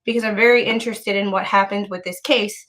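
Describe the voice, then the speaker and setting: A young woman talks casually on a home livestream, blunt and salty, with plenty of ums and restarts. She sounds a little out of breath, and her pitch sits mid-range. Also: steady tone, quick pace, fairly bright tone. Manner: frank, profane, many ums and restarts. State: slightly out of breath. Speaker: live streamer.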